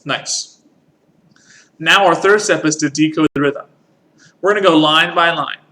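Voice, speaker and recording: A man's voice: a little high, measured pace, pushed and bright. A man teaching a music lesson, patiently explaining rhythm and counting in. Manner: patient, counts in and sings along.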